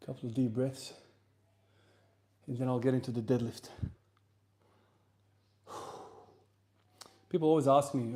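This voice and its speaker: A man from South Australia with an Australian accent, chatting casually on a livestream between gym sets and answering questions from chat in a relaxed, rambling way. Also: mid-range voice, slow, long pauses. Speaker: streamer and lifter.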